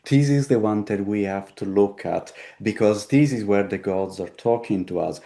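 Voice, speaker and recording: An Italian-accented man who tells a personal story at a conversational pace, breaking off and restarting his phrases. His voice is fairly low and sits dark and mellow rather than bright. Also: gravelly. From Italy. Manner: halting, with frequent restarts. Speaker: host.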